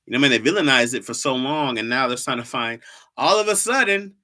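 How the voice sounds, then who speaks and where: A man's voice: mid-range voice, animated, fast talker, pushed and bright. A man hosting a casual livestream, chatting with his viewers and playfully teasing them, repeating words for laughs. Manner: talks straight to viewers, says "y'all" a lot. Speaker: livestream host.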